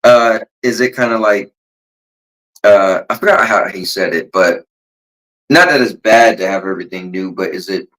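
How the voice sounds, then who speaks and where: A man's voice: low-pitched, normal speed, a bit bright, low-quality recording. A middle-aged American man hosting a casual livestream podcast, chatting and reading the chat aloud. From USA. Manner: easygoing, reads chat aloud. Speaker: podcast host.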